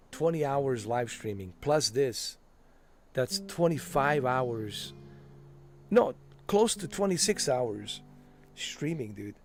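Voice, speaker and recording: A man streaming a video game, chatting casually in a loose, joking way and laughing a lot. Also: on the high side. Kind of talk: casual gameplay commentary.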